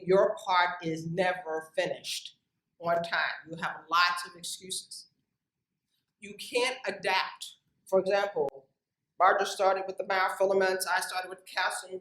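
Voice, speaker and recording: A woman's voice: lowish voice, moderate pace. A woman scientist giving a direct, emphatic motivational lecture to young researchers. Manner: emphatic, direct, lively with asides. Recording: echoey room, distant mic.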